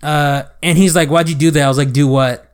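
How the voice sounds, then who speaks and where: Young guy, podcast co-host, slightly higher voice, acts out both sides of the story. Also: brisk, clear, resonant tone. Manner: animated retelling with quoted dialogue. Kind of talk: casual chat, storytelling.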